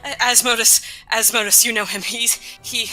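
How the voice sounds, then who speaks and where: A woman playing her character in a tabletop game, talking casually and haltingly. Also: a little high, fairly even intonation, pushed and bright, faint music behind, poor audio. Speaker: player.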